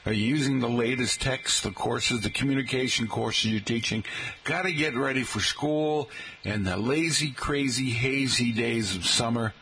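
A man's voice: mid-range voice, normal speed, pushed and bright, slightly rough. An older man with a Boston accent hosting a radio talk show, rambling and joking with many fillers and restarts. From Boston area, Massachusetts. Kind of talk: casual monologue to listeners.

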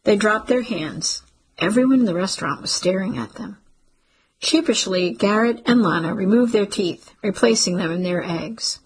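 A woman narrating a literary story in a steady audiobook reading. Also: medium pitch, moderate pace, husky, poor audio.

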